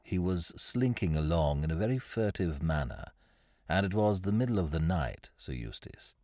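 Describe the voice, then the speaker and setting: A man reading the lines of a meek, put-upon male secretary in an audiobook, quiet and deferential. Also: sits low, animated, normal speed, dry recording, clean studio sound.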